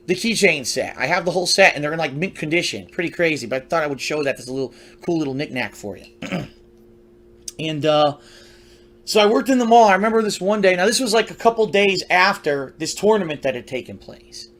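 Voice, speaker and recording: A high-voiced man tells a story from his past in a loose, rambling monologue. He talks conversationally, circling back with restarts and side remarks as he goes. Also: expressive, a little fast, a bit bright. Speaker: storyteller recounting his youth.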